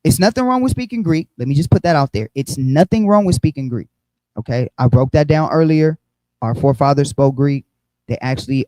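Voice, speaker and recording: A man's voice: medium pitch, dark tone, dry recording, rough recording. A man teaching a Bible lesson on a livestream, explaining step by step and checking in often with "okay?" and "right?", with frequent fillers. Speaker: religious teacher.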